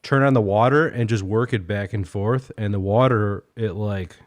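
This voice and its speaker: A man's voice: on the low side, normal speed. A man co-hosting a casual talk show, joking and enthusiastic. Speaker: podcast co-host. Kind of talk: casual chat.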